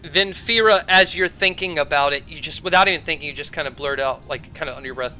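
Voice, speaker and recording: A man's voice: a little high, fairly even intonation, fast talker, hardly any pauses, sharp tone, faint music behind. A man narrating as game master of a tabletop role-playing game in a casual way.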